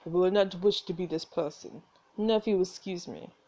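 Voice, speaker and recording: Woman doing a gruff Russian-accented strongman. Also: on the low side, mellow, lightly acted. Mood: grave. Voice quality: thick put-on Russian accent. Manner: menacing, slow warnings. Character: hulking intimidating male lighthouse keeper, gruff.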